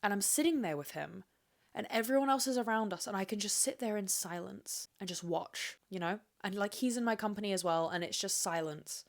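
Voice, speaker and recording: A woman's voice: mid-range voice, a little fast. A young woman hosts a solo podcast in a loose, rambling way. She swears freely, quizzes herself and answers back, and talks in a mid-range voice. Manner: candid, profane, rambling, self-questioning. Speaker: podcast host. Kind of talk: casual solo podcast chat.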